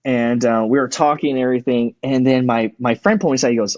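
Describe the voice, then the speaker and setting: A man's voice: medium pitch, fast talker, no echo, highs cut off. A man in his thirties, a podcast guest, telling stories in casual chat, acting out quotes and swearing a lot.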